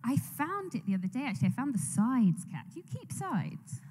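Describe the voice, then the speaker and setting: A woman's voice: a little high, sing-song, a little fast, darkish tone, husky. A young woman telling a long, rambling story on a convention panel, laughing often and restarting her sentences. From England. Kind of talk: casual storytelling. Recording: echoey convention hall on a mic.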